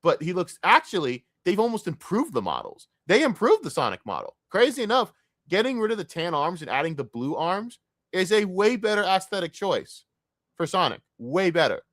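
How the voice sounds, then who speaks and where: A man ranting in a casual, profane stream rant, jumping from loud outbursts to low grumbling. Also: normal speed, dry recording, studio quality. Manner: profane, excitable, swings between loud outbursts and mutters.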